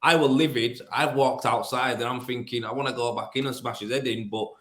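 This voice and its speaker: A man with a broad Yorkshire accent, talking bluntly and casually in an interview. He tells his stories with plenty of fillers and restarts. His voice sits at a middling pitch and carries a roomy echo. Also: steady tone, a little fast, fairly bright tone. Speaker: plasterer and business owner.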